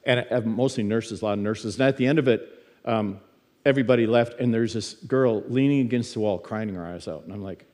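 A man's voice: on the low side, steady tone, quick pace, darkish tone. A middle-aged man teaching in a church service in a conversational, storytelling way, often stammering and restarting his words.

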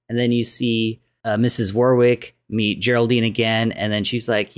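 A man's voice: on the low side, level tone, moderate pace, few pauses. A man casually retelling a film plot, rambling with many restarts and fillers, acting out the characters' lines. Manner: rambling, lots of "like" and restarts, acts out quotes.

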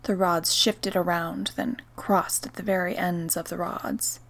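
Slow, soft-spoken woman narrating a story. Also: lowish voice, little pitch movement, gravelly. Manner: slow, soft, partly whispered. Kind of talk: first-person story narration.

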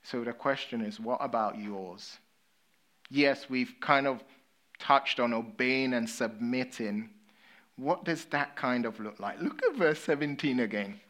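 Slow-speaking English pastor preaching. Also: male voice, mid-range voice. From England. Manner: storytelling, swinging between lively and hushed, sober. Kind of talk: sermon.

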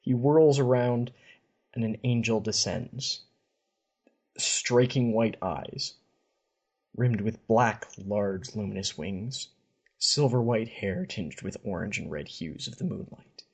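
A man's voice: lowish voice, takes it slowly, a little mellow, slightly rough. A man hosting a podcast, casually retelling fantasy stories in a chatty way and reading passages aloud. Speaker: podcast host. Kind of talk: casual story recap.

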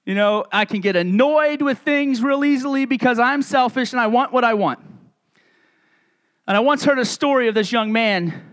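Male pastor, middle-aged, very high voice, casual jokey sermon delivery. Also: moderate pace, a bit bright, clear, resonant tone. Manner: humorous, conversational preaching with asides.

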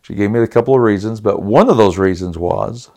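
A man's voice: on the low side, fairly quick. Middle-aged guy on a podcast, telling a story all worked up, keeps restarting his sentences, laughs here and there. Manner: animated, dramatic retelling with restarts and chuckles. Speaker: podcast host. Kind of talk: personal storytelling.

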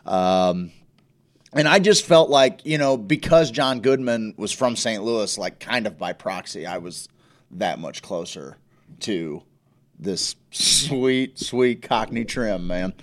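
A man's voice: lowish voice, animated, slow. A man hosting a casual podcast, rambling and crude, with frequent restarts. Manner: rambling, crude, self-interrupting. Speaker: podcast host. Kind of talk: casual chat.

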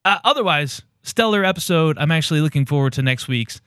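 A man's voice: on the high side, animated, quick pace, a bit bright, clean tone, dry recording, clean studio sound. A man co-hosting a podcast, chatting casually in a rambling way with many fillers. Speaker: podcast co-host. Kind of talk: casual TV recap chat.

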